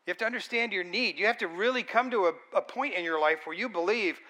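A man's voice: sits high, fast, hardly any pauses, pushed and bright. A man preaching a sermon in an earnest, conversational and emphatic way.

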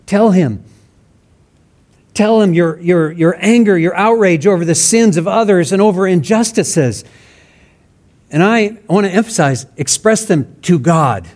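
A man's voice: high-pitched, a little mellow. A man preaching a sermon in an earnest, conversational way, acting out sample prayers in his own words. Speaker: pastor.

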